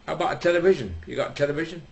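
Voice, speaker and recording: A cheeky, bragging driver with a brash and chummy manner, as a male comedian puts him on. His voice jumps up high from the teller's usual tone. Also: rapid-fire, vocal fry, darkish tone. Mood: cocky. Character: cheeky, boastful man driving a cheap car.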